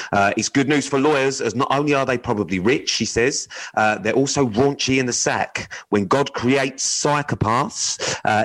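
A man's voice: lowish voice, fairly bright tone, poor audio. A man co-hosting a podcast, chatting bluntly with plenty of swearing and reading odd news items aloud with his own asides. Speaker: podcast co-host. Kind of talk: casual chat.

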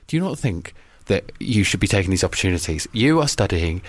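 A man's voice: sits low, big pitch swings, brisk, no echo. A man co-hosting a radio show, teasing and bantering dryly. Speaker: radio co-host. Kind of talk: casual chat.

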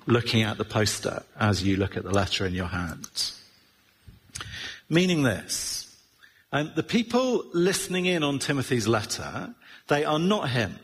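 Husky preacher in a reverberant hall. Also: male voice, medium pitch, a bit bright. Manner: conversational, with wry asides and many fillers. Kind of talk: sermon. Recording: long reverb of a large hall.

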